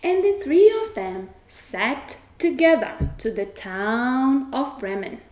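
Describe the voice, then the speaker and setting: A woman storyteller reads a children's tale very slowly and expressively. Her voice is high, mellow, and lively in pitch. The room around her is echoey.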